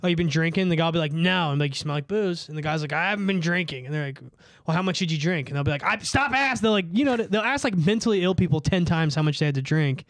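A man's voice: fairly high pitch, fast, no room sound. A young man co-hosting a casual comedy podcast, rambling through stories, laughing often and mimicking people in silly voices. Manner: rambling storyteller, laughs a lot, mimics cops in dorky voices. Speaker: podcast co-host.

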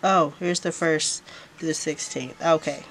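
Slow-talking, gushing woman vlogger. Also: deep voice, steady tone, fairly bright tone, slight background noise. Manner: gushing, repeats "so freaking cute". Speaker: planner vlogger. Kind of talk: casual product haul.

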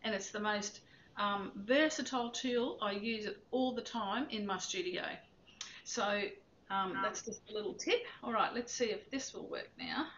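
A woman's voice: medium pitch, normal speed, a bit bright. A woman piano examiner and teacher giving a webinar, chatting her way through a practical tip with a rambling, friendly manner. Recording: dull lo-fi sound with faint noise.

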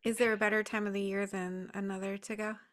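A woman's voice: mid-range voice, little pitch movement, quick pace. Woman host asking friendly questions. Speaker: interviewer host. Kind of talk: casual interview.

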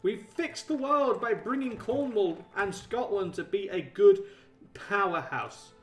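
Excitable young man, high voice. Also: unhurried, far from the mic. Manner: excitable, laughs often, talks to himself. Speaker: gaming channel host. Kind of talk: let's play commentary. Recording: roomy echo, mic set back, faint game music.

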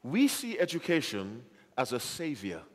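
Male preacher, sermon, animated pitch, asks the audience questions, reverberant hall. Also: measured pace. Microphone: handheld or stand microphone.

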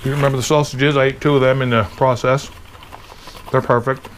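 Enthusiastic and reacting with happy murmurs as he tastes, a Pennsylvania man shows off smoked meats in a laid-back home cooking video. His mid-range voice stays level, he talks a little fast, and background noise can be heard.

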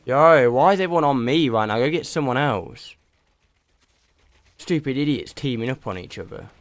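A man's voice: mid-range voice, expressive, moderate pace. A young man streaming a game, ranting and swearing at opponents. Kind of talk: live gameplay commentary.

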